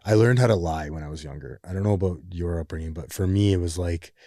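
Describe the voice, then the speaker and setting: A man hosting a podcast interview, speaking in a measured, reflective way about his own past. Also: sits low, warm tone, no echo, studio quality. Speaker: podcast host. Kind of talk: interview conversation.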